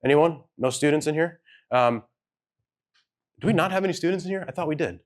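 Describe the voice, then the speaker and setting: With a fairly high pitch and a fairly quick delivery, a man with kids tells a personal story on stage at a live event, with an audience in the hall. His manner is casual and hedging, and he acts out the people he quotes.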